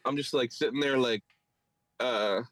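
A man's voice: medium pitch, measured pace, a bit bright, no room sound, poor audio. A man with a Philadelphia accent, a podcast co-host and stand-up comic, telling a story in casual chat and mimicking others in raised voices. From Philadelphia area.

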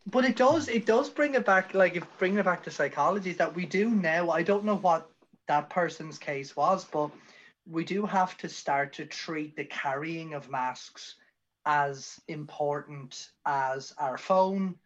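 Higher-voiced man on a muffled line. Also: measured pace, slight background noise. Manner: brief reactions and comments. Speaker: podcast co-host. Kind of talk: casual chat.

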